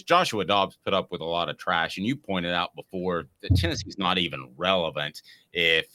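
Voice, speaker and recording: Guy hosting a sports talk show, lowish voice but bright and punchy, keeps tossing questions. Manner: upbeat, prompting co-host with questions.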